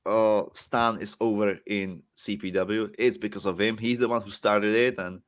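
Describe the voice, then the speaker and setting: A young man from the Czech Republic with a Czech accent, chatting casually as a podcast guest and laughing often. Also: moderate pace. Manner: animated, laughs often, swings between excited and low. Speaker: guest wrestler.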